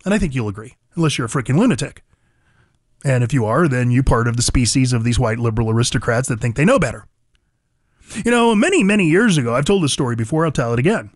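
A man's voice: mid-range voice, big pitch swings, quick pace, no echo, clean studio sound. A man hosting a call-in radio talk show, delivering a blunt, combative, folksy monologue.

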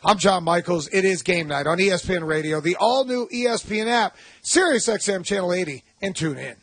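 A man from Atlanta hosting a sports radio show, chatty and enthusiastic, with quick asides. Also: sits high, expressive, very noisy.

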